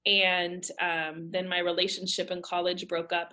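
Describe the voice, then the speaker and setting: A woman in her thirties from the United States, telling a personal faith story in a lively, emphatic way with frequent laughter. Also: fairly low pitch, normal speed, few pauses. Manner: animated, laughing often, emphatic. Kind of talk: casual storytelling.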